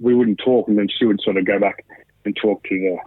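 A man's voice: lowish voice, fairly even intonation, fairly quick, no room sound, narrow, tinny audio. A man, a guest telling a story in casual, swear-filled chat and acting out what people said. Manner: swears often, acts out quoted dialogue. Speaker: podcast guest.

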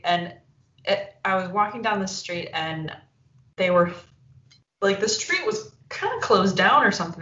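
A woman in her forties, a podcast co-host, telling a long anecdote in casual chat and acting out the voices in it. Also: mid-range voice. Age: 40s. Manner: animated storyteller, acts out voices in anecdotes. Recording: roomy, distant, dull lo-fi sound.

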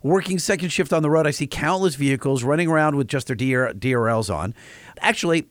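A man co-hosting a podcast in casual chat, reading listener emails aloud, halting with many fillers and restarts. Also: fairly high pitch, no echo. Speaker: podcast co-host.

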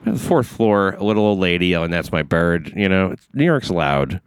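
A man's voice: low voice, sing-song, brisk, smooth, no echo, clean studio sound. A man hosting a casual comedic news chat, riffing with sardonic, profane asides. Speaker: podcast host reading news.

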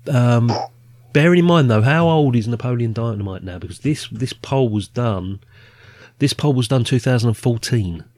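A man hosting a casual chat, leading a list and talking in a relaxed, chatty way. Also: medium pitch, moderate pace, no echo. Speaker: podcast host.

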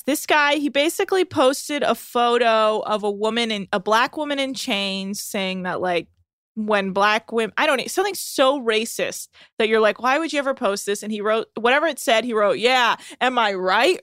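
A woman with a slightly high voice talks through a reality show episode in a quick, sarcastic, chatty way. She is recorded close on a dry mic with no room sound. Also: dry recording. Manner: chatty and sarcastic, mimics people in a flat monotone. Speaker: podcast co-host recapping a reality show. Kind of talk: casual chat.

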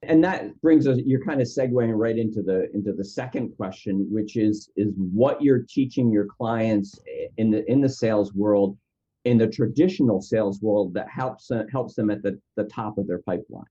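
Male podcast co-host, relaxed, mellow husky voice, dull lo-fi sound. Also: lowish voice, moderate pace. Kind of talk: interview hosting. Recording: dull lo-fi audio.

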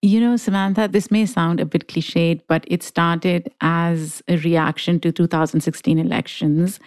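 Woman guest from pakistan, earnest, talks steady, low-ish pitch. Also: measured pace, no echo. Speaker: podcast guest, activist. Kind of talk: interview answers.

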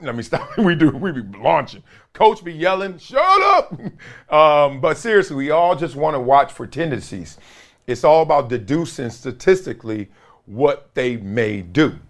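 A man hosting a show, telling football stories in a casual, animated way, laughing often and acting out other people's lines in a raised voice. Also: a little high. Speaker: former NFL player and podcast host. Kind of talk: casual storytelling chat.

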